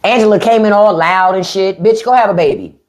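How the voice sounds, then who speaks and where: A woman's voice: mid-range voice, brisk, darkish tone. A woman hosting a live stream in an unfiltered, profane and sarcastic rant, with features. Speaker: livestream host.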